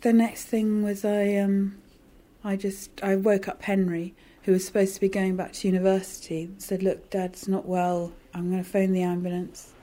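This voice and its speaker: A woman's voice: mid-range voice, level tone, moderate pace, dark tone. A woman, a patient's wife, recalling events in reflective storytelling during an interview. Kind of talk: documentary interview.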